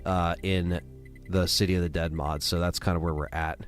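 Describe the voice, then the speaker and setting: A man's voice: low voice, little pitch movement, normal speed, soft background music. A tired man casually chatting to viewers during a live stream, rambling with many fillers and restarts. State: tired, yawning.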